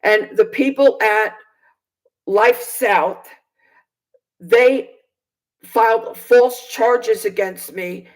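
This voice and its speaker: Woman giving a halting personal testimony. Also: on the high side, rough recording. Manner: hesitant, halting, many fillers and restarts; earnest, indignant. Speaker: Christian video preacher. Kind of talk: personal testimony, telling a story.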